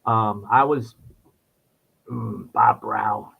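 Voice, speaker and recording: A man telling a personal story on a podcast in casual chat, his voice jumping high when he acts out his younger self. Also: steady tone, drawn-out words, creaky, husky, phone-quality sound. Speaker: podcast guest.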